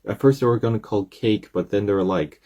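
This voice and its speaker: A man giving a casual, rambling episode recap, retelling excitedly with many restarts. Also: fairly low pitch, a little fast. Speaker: video recap creator.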